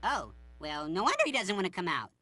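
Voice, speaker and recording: A man voicing a goofy, excitable male cucumber in a cartoon, hammy and silly. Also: high-pitched, fairly quick, no echo, full character voice. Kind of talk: animated cartoon acting.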